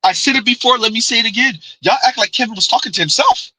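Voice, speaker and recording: A man's voice: extremely high pitch, fast, sharp tone, husky, no echo, low-quality recording. A man hosting a commentary livestream, talking emphatically and repeating himself, sometimes calling himself by name in the third person. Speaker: livestream host.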